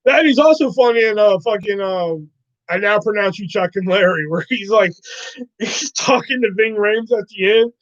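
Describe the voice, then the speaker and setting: A man with a high-sitting voice hosts a casual livestream at normal speed, rambling, swearing freely and laughing often as he reacts to chat. The recording has no room sound and its highs are cut off.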